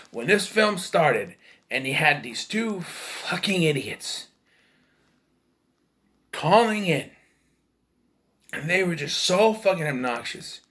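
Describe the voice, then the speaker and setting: A man's voice: a little high, bright, forceful tone. A man casually reviewing movies, rambling and hesitant, often correcting himself.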